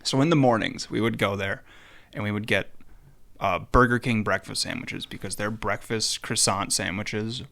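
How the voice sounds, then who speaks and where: A young man co-hosting a talk show, telling stories in a relaxed way and laughing easily. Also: on the low side, moderate pace, gravelly. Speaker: podcast co-host. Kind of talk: casual chat.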